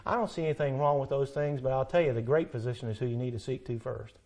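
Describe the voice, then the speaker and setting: A man preaching a sermon, swinging between loud emphatic passages and hushed, earnest ones. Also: mid-range voice, steady tone, quick pace. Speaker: pastor.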